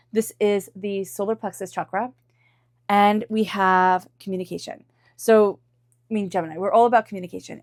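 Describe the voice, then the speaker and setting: A woman's voice: mid-range voice, dry recording, clean studio sound. Chatty woman doing a tarot reading. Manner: chatty, repeats soft invocations while drawing cards. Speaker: tarot reader.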